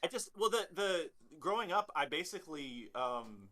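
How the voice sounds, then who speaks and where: A man's voice: on the high side, very animated, normal speed, bright, forceful tone. A man from the chatting casually on a stream, rambling with frequent restarts and laughs. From Southern United States. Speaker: stream guest. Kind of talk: casual chat.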